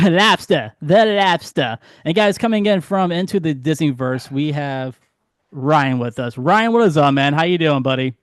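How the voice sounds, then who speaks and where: A man's voice: fairly high pitch, lively intonation, moderate pace, clean tone, no room sound, studio quality. A man hosting a casual roundtable chat, eagerly asking questions and often repeating his words. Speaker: podcast host.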